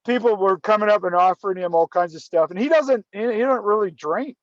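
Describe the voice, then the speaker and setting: A man's voice: sits high, a little fast, no room sound, lo-fi sound. A man telling a story in casual conversation, often restarting and repeating words. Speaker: guest storyteller.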